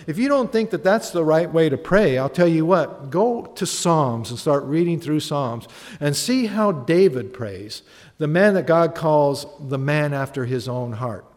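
Pastor preaching in a reverberant hall. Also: male voice, fairly high pitch, expressive, measured pace, darkish tone. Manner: conversational, questions the audience, acts out prayers. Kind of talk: sermon.

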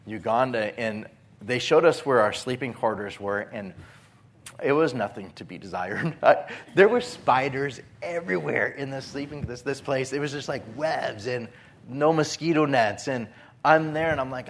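Speaking at a medium pitch, a pastor tells stories in his sermon with animated energy, even acting out the panic he felt.

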